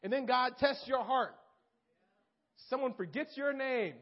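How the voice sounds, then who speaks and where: A young man preaching an informal sermon, animated and talking straight to his listeners. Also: very high voice, unhurried. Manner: animated, talks straight to listeners, acts out quotes. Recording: dull lo-fi recording.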